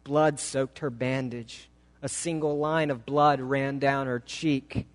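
Slow, dramatic storytelling preacher. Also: male voice, mid-range voice, fairly even intonation. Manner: dramatic, slow, emotive reading. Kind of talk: sermon storytelling. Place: church sanctuary. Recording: long hall reverb.

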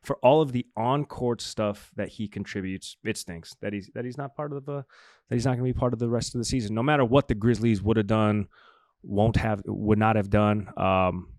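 A man co-hosting a casual sports talk show, excitable and quick to laugh. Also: lowish voice, dry recording, clean studio sound. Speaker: podcast co-host.

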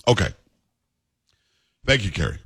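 A man's voice: on the low side, big pitch swings, unhurried, creaky, a bit bright, breathy edge. A male radio talk show host in blunt, joking, opinionated banter with a co-host. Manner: blunt, joking, self-mocking.

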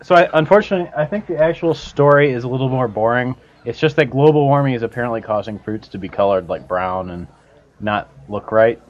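A man's voice: mid-range voice, a little fast. A man co-hosting a casual podcast, making dry, wry remarks. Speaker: podcast co-host. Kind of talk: casual chat. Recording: lo-fi recording.

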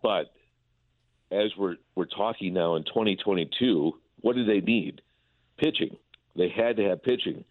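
A man's voice: low voice, a little slow, dry recording. A man, a baseball broadcaster, talking casually about his team, often stumbling and repeating words as he restarts his sentences. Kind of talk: casual sports talk by phone. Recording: tinny phone line.

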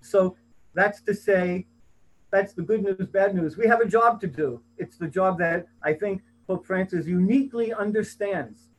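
A man giving an earnest, somewhat rushed talk on a video-call panel, raising his voice on quoted lines. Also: sits high, low-quality recording.

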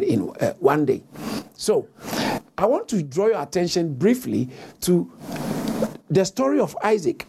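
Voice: mid-range voice, a little mellow, husky. Preacher, sermon, emphatic, repeats phrases, reads scripture, calls for responses. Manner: reads scripture aloud with frequent self-corrections.

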